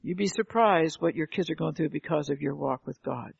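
Older woman preacher, fervent sermon delivery, gravelly and husky, heard on a dull lo-fi recording. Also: sits low, fairly quick, darkish tone, no room sound. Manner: fervent, calls out "Amen" and rhetorical questions. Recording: dull lo-fi, dry sound.

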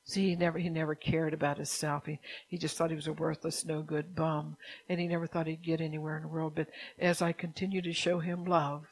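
A woman preaching a sermon who keeps asking the listeners if they understand, sometimes dropping into a soft whisper. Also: low-pitched, flat delivery, brisk, poor audio. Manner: drops at times into a soft whisper.

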